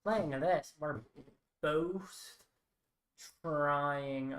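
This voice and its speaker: A woman streaming a card game who mutters her plays aloud in a wry, thinking-out-loud manner. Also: sits low, extremely slow. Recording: roomy echo.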